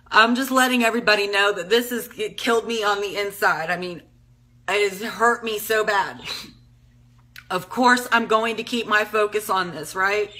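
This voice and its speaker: Speaking to the public, a woman in her thirties delivers an emotional, pleading appeal in a bright, forceful, medium-pitched voice. She often repeats herself and is tearful, sometimes crying.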